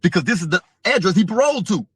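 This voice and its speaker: A man's voice: sits high, sing-song, rapid-fire, a bit bright, husky, no echo. A man telling a profane, vivid story as an interview guest. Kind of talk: casual storytelling.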